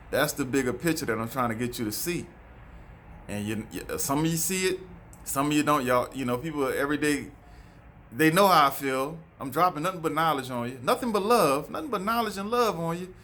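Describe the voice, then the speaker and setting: A man's voice: a little high, fairly bright tone, slight background noise. A man, giving a preachy, repetitive vlog monologue and calling his viewers folks. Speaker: vlogger. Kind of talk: casual monologue to camera. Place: outdoors near a road.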